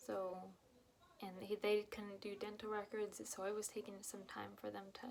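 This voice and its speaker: A young woman telling her own painful story to camera, halting and emotional, with many fillers and restarts, dropping to a whisper at the hardest parts. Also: mid-range voice, completely flat delivery, creaky, a little mellow. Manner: drops to whispers at painful moments.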